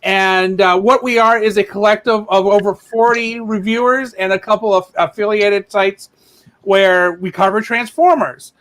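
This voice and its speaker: A man's voice: sits high, steady tone, normal speed, a bit bright. A man hosting a livestream panel over a video call, steadily moderating and passing the turn to each guest. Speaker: panel host.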